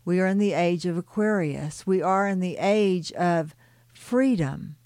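A woman playing a proud, keen-witted female fairy guide who declares her words slowly. The voice is somewhat low and recorded dry, close to the microphone. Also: darkish tone, no room sound. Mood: declaring.

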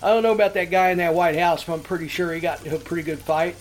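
A man's voice: fairly high pitch, very fast, slight background noise. A man hosting a podcast, rambling through profane prank stories and laughing as he goes. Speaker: podcast host. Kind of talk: casual storytelling chat.

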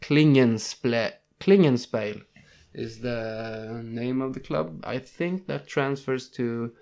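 A man's voice: medium pitch, slow, creaky, darkish tone. A young man co-hosting a casual podcast, reading ranking lists and tripping over foreign names. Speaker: podcast co-host.

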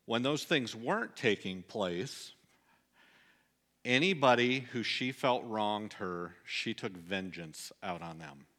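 Middle-aged pastor guy, bright clear voice, earnest sermon storytelling, goes quiet on the heavy bits. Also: lively intonation, slow. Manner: earnest storytelling, drops soft and low at sad points.

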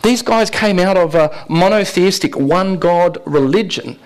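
A man's voice: sits high, unhurried, low-quality recording. A man preaching a sermon in a conversational way, asking the congregation rhetorical questions and often laughing. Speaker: pastor.

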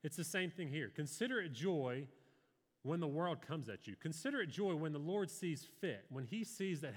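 Earnest preacher, lively pitch, echoing hall. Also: male voice, moderate pace, slightly rough. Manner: earnest, conversational preaching with personal stories. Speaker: pastor. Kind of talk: sermon.

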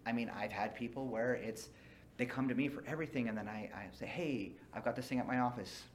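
A man's voice: medium pitch, brisk, a little hiss or hum. A man as a podcast guest, talking earnestly and explaining his views with everyday examples. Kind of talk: casual interview chat.

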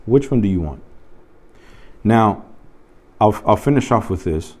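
A youth pastor with a fairly low voice speaks to a small group seated around a table. He tells a story in a relaxed, conversational way and stops to put questions to his listeners. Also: measured pace. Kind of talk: informal teaching to a small group.

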